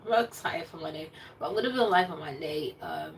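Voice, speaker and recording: A woman hosting a casual cooking live stream from her home kitchen, chatty and excitable, rambling as she goes. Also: low voice, fast talker. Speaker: cooking livestream host. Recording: distant mic with clear room noise.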